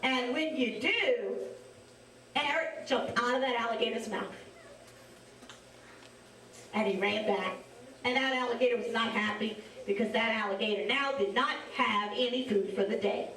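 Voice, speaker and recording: A woman from south Louisiana with a Cajun accent, telling a story to children in an animated, drawn-out way and asking them questions. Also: on the high side. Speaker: storyteller and face painter. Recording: echoey room from a distance.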